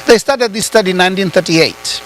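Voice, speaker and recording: A man giving a high-voiced motivational talk. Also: brisk, fairly bright tone, slight background noise, poor audio. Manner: switches between English and Swahili, asks the audience rhetorical questions. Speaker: retreat speaker.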